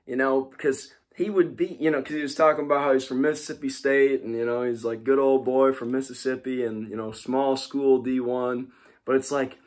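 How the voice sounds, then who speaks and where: A young man teaching a class, rambling in casual talk full of fillers and asides. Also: mid-range voice. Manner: rambling, full of "like" and "you know".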